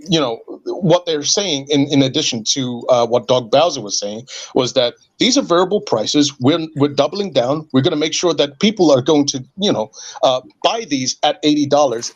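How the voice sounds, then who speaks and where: A man hosting a podcast, talking casually in an animated, sarcastic rant. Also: medium pitch. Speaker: podcast host. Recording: dull lo-fi audio.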